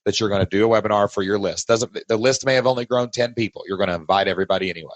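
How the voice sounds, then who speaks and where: A low-voiced man with a Southern Kentucky accent coaches on a podcast, emphatic and energetic. His voice sits close and dry, with no room around it. He challenges the listener again and again. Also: rapid-fire, dry recording, lo-fi sound. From Southern United States. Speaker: podcast host and business coach. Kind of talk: casual coaching chat.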